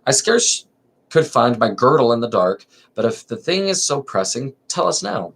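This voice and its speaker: A man voicing an excitable, flustered young woman, his pitch jumping high in eager questions. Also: moderate pace, vocal fry, breathy edge, exaggerated voice. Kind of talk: amateur play reading.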